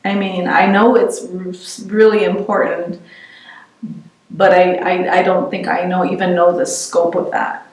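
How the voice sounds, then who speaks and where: A middle-aged woman giving an oral history interview, reflective and halting, often restarting her sentences. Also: fairly low pitch, little pitch movement. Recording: roomy, distant mic.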